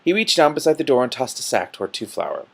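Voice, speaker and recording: A man reading a fantasy novel aloud with commentary, stumbling a little and breaking in with quick asides. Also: medium pitch, big pitch swings, creaky, breathy edge. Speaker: book reader.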